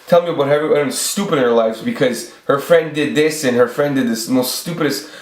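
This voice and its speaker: Man in his forties, mid-pitched, rants unscripted and profanely, echoey room. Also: a little fast. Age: 40s. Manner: rambling, profane, many restarts. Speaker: channel host. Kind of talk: off-the-cuff ranting vlog.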